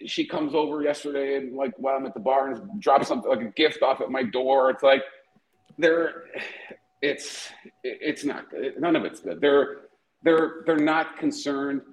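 A man's voice: mid-range voice, moderate pace, roomy sound, poor audio. A man hosting a podcast in casual chat, profane and rambling, often breaking into laughter. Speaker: podcast host.

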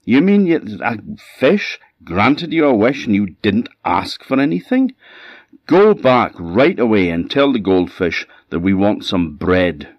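A man's voice: deep voice, very animated, measured pace, dry recording, full character voice. A man with an Orkney accent voicing a furious, greedy old peasant wife who shrilly scolds her husband. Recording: dull lo-fi sound.

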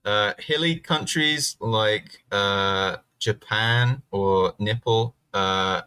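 A man's voice: fairly low pitch, very slow, bright, forceful tone, clear, resonant tone, no room sound. A man co-hosting a comedy podcast, irreverent and rambling, swearing with lots of fillers. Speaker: podcast co-host. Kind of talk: casual comedic chat.

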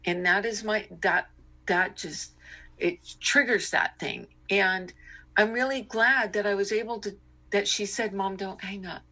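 A woman's voice: medium pitch, a little slow, bright, forceful tone. A middle-aged woman co-hosting a podcast, talking candidly and reflectively with many fillers. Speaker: podcast co-host. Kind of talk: casual podcast chat.

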